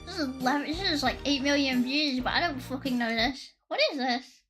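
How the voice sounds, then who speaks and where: A woman's voice: sits high, brisk, a bit bright, soft background music. A woman streamer chatting with live viewers, joking, sarcastic and swearing freely, her voice slightly worn. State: voice slightly worn from past strain. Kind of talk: casual chat with live viewers.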